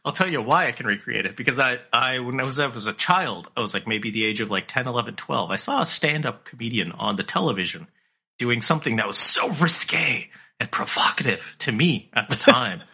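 Husky guy on a podcast, bright voice, bounces all over in pitch telling stories. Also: a little fast. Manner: animated storyteller, slips into impressions. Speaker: podcast co-host. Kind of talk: casual chat.

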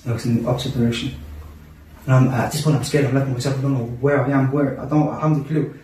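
A man tells a gripping personal story at a rapid clip, circling back on his words and peppering them with Arabic religious phrases. His voice bounces around an echoey room and sits some distance from the mic. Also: mid-range voice, steady tone, dark tone, a little hiss or hum. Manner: intense, repetitive, sprinkles Arabic religious phrases. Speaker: guest telling a personal story. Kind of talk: casual podcast storytelling.

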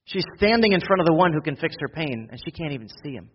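A pastor preaching a sermon, swinging from loud, quick urgency to hushed, slow intimacy. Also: male voice, on the high side, lively intonation, big-room sound, highs cut off, slight background noise. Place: church.

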